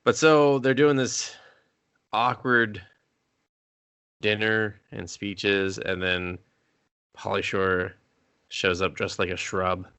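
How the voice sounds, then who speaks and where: A man's voice: lowish voice, fairly even intonation, a bit bright, smooth, no echo. A man co-hosting a casual movie review chat, rambling and swearing as he recaps scenes. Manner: rambling, profane, doing quick impressions. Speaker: podcast co-host, movie reviewer.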